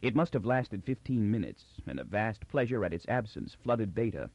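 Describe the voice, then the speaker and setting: A man narrating a science fiction story in a steady, expressive reading voice. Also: lowish voice, normal speed, no echo. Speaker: audiobook narrator. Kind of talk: scripted narration. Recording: dull lo-fi dry recording.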